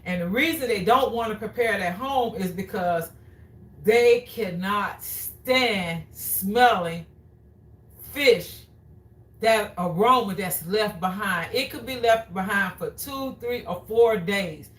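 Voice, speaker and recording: In her home kitchen, a cooking show host talks viewers through a demonstration at an unhurried pace, calling them "guys," chatting freely, and often repeating phrases. Her middle-pitched voice is picked up from a few steps away. The room sounds echoey and spacious, with faint noise underneath.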